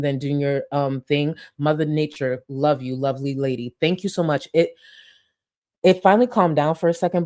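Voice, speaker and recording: A woman's voice: low-pitched, darkish tone, dry recording, studio quality. A woman streaming live, reacting to clips with casual commentary, joking asides, mock-dramatic rants and plenty of swearing.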